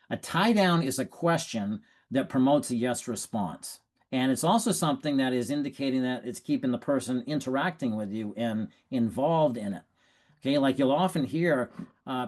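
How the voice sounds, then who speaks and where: A man giving an energetic, conversational sales training talk on a video call, often restarting his sentences. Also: mid-range voice.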